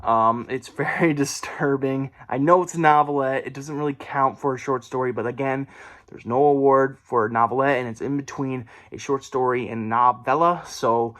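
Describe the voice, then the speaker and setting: A man's voice: medium pitch, fairly even intonation, normal speed, fairly bright tone. A man casually reviewing a horror book at home, rambling, correcting himself and laughing often. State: briefly out of breath. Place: room at home.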